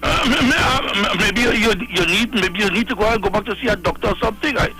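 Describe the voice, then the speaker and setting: A man's voice: sits high, fast talker, pushed and bright, rough recording. A man with a Trinidadian accent calling in to a radio show, lecturing another caller and stammering. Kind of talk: call-in radio talk.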